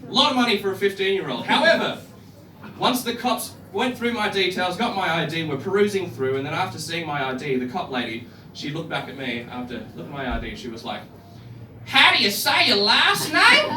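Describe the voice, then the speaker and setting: A young man doing stand-up comedy, telling a story in an animated way and acting out other people's lines. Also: on the high side, quick pace, slight background noise. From Australia. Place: comedy club stage. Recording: echoey club room from far off, audience laughter.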